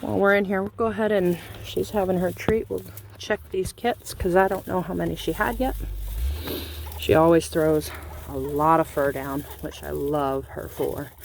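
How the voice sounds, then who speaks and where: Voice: mid-range voice, normal speed, vocal fry, a little hiss or hum. A small-farm owner chatting casually through a how-to demonstration, explaining as they go with plenty of ums and uhs.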